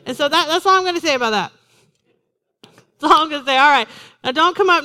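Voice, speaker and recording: A woman pastor preaching a sermon to her congregation in a lively, conversational way, joking with them as she goes. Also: high voice, fast talker. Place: church in front of a congregation.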